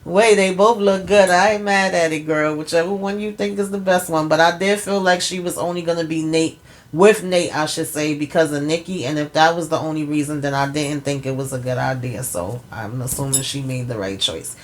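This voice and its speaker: A woman casually recapping a TV episode for her viewers, animated and chatty, acting out characters' lines. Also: brisk. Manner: animated storytelling, acts out characters' lines with pitch jumps; chatty, addresses viewers as y'all. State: tired. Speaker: TV recap host.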